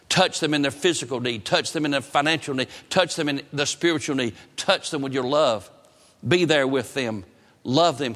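A man's voice: medium pitch, a bit bright. A man preaching a sermon from the pulpit in an earnest, emphatic cadence with repeated phrases. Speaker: pastor. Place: church sanctuary. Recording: long church reverb.

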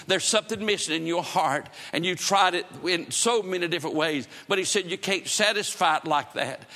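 A preacher delivers a revival sermon with fervent, emphatic bursts. His voice sits high and sounds bright and forceful. A long church reverb trails every phrase. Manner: fervent, emphatic, with sudden loud cries and repeated phrases. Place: church building before a congregation.

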